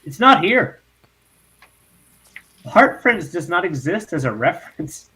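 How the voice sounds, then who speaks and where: A man hosting a podcast in casual chat, unhurried and laughing often. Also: high voice, big pitch swings, pushed and bright, husky. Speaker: podcast host.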